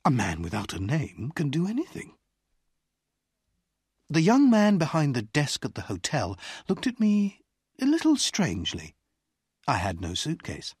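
An audiobook narrator reading a story in clear, deliberate first person on a close studio mic. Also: mid-range voice, wildly swooping pitch, dry recording. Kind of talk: scripted narration.

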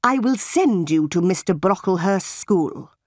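A woman's voice: lowish voice, animated, measured pace, no echo, clean studio sound. A woman voicing a cold, harsh middle-aged aunt with a scolding manner in an audiobook.

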